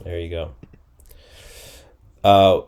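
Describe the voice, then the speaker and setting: Man in his 40s, language teacher, thinks aloud while typing, low mellow voice, slow pace, faint noise and keyboard clicks. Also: flat delivery, clean tone. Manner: thinking aloud, guessing phrases and repeating them. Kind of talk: casual screen-recorded lesson.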